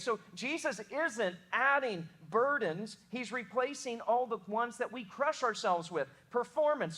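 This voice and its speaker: A young adult pastor with a Southern American accent, preaching a sermon in an earnest, emphatic way, often restarting words. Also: male voice, sits high, bright, forceful tone.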